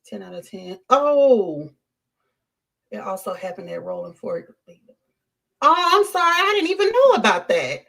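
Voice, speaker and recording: A woman hosting a casual live-stream, talking straight to her chat in an animated way and repeating her points for emphasis. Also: medium pitch, measured pace, creaky. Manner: animated, repeats herself, addresses chat directly. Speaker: livestream host.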